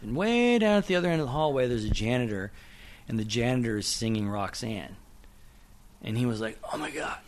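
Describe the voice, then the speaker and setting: A man's voice: medium pitch, a little fast, a little hiss or hum. A middle-aged man from Oklahoma, a screenwriter and director, chatting casually in an interview and acting out the people he quotes. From Oklahoma, USA. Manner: animated storyteller, acts out quotes, laughs often.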